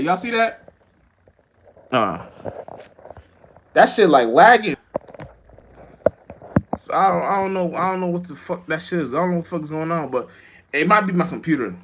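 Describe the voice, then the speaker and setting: A young rapper with a bright, pushed, mid-range voice chats loosely with his livestream viewers, rambling, frequently losing his train of thought, and swearing freely.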